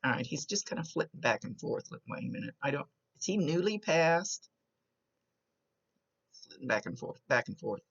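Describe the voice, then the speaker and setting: Her bass voice is gravelly, slightly rough and sing-song, moving at normal speed with long pauses, all on a muffled recording. She's a psychic medium delivering a chatty reading to a client, relaying visions as they come and restarting her sentences often.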